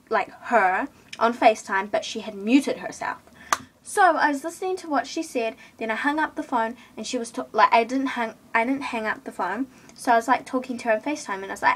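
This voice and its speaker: A woman's voice: a little high, a bit bright. A teenage girl telling a storytime rant to camera in an indignant, chatty way, full of fillers. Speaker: vlogger.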